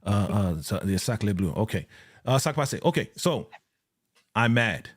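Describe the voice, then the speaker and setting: This host's voice sits on the low side and is slightly rough, and he takes his time. On his live TV episode review, he chats casually in slang, laughs often, acts out quotes and speaks right to his audience.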